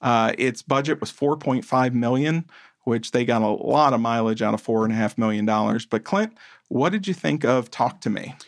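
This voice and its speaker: A man's voice: medium pitch, normal speed, no room sound. A man co-hosting a podcast in easy, casual chat. He talks with enthusiasm in a mid-range voice. The sound is dry and close. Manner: chatty, enthusiastic reviewer. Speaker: podcast co-host.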